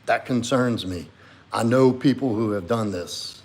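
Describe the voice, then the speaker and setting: A man's voice: medium pitch, a little slow, darkish tone. Earnest man musing on a livestream. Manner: reflective, reads viewer comments aloud, earnest. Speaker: livestreamer and men's coach. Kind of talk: casual livestream chat.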